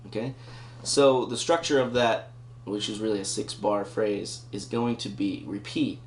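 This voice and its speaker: A man's voice: lowish voice, steady tone, a little slow, few pauses. A man giving a casual guitar lesson, explaining rhythm and counting beats aloud as he thinks it through. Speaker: guitar teacher. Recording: roomy sound with loud guitar playing. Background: his own guitar playing.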